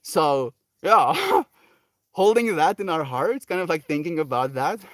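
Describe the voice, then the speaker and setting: A man hosting a daily livestream, talking in a soft, meandering and reflective way, with many fillers and restarts. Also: fairly high pitch, sing-song, a little slow, dry recording. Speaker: livestream host. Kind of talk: reflective spiritual livestream talk.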